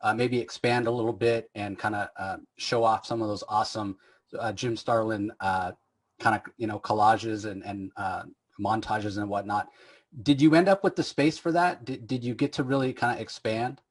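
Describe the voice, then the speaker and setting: A man's voice: fairly low pitch, normal speed, poor audio. A man hosting a comics interview, asking long, rambling questions full of uhs. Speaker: podcast host.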